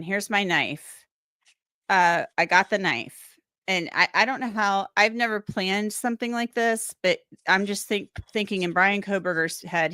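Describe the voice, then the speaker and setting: A woman's voice: fairly low pitch, pushed and bright, dry recording, studio quality. Chatty woman hosting a crime podcast. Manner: chatty, rambling, acts out quotes. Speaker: true crime show host. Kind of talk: casual podcast discussion.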